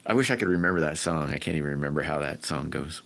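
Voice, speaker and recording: A man hosting a casual livestream, chatting to viewers and greeting them by name in a rambling, friendly way, sometimes whooping loudly. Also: very deep voice, level tone, fast, vocal fry. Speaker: livestream host. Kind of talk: casual livestream chat reading viewer comments.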